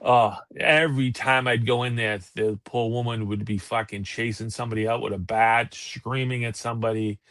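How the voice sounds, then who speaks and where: A man's voice: mid-range voice, flat delivery, moderate pace, few pauses, fairly bright tone, dry recording. Man, co-host, casual profane storyteller, close dry mic. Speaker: podcast co-host. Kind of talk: casual chat.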